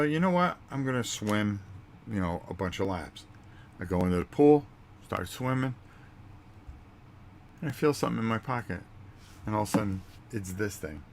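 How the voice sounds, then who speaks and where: A man's voice: deep voice, a little hiss or hum. A man hosting his own vlog, chatting casually and rambling through a story with fillers and acted-out quotes. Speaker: vlog host. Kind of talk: casual chat.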